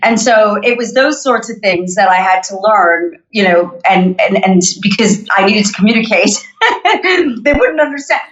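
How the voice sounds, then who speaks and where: A woman's voice: mid-range voice, expressive, normal speed, a bit bright, highs cut off. A woman from Canada with a North American accent, chatting as a podcast guest and telling stories with plenty of laughter. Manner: chatty, laughs often, storytelling. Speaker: guest singer. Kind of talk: casual interview chat.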